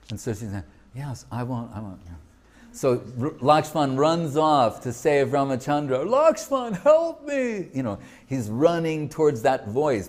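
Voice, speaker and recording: A man teaches a spiritual class, retelling a sacred story in a loose, joking, conversational way. He speaks at an unhurried, slow pace and often restarts his sentences or breaks off into asides. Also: mid-range voice, a little mellow. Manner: joking, chatty, full of restarts. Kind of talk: casual storytelling talk to an audience.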